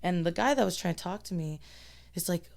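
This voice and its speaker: A woman's voice: fairly low pitch, animated, a little fast, creaky, a little mellow. A woman guest on a podcast, speaking frankly about her life with sarcastic asides and frequent restarts. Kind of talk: candid podcast conversation.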